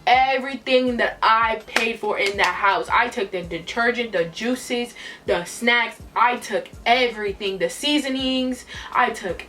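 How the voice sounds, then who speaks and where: A woman's voice: fairly high pitch, unhurried, pushed and bright, distant mic. A young woman telling a storytime vlog in a casual, profane, emotional way. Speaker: vlogger. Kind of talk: storytime retelling.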